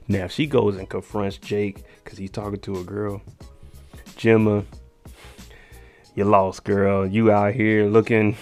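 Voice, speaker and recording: A man's voice: lowish voice, a little mellow. A man giving a casual, joking recap of a TV episode, talking slangy and aside to the viewer. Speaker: TV recap host.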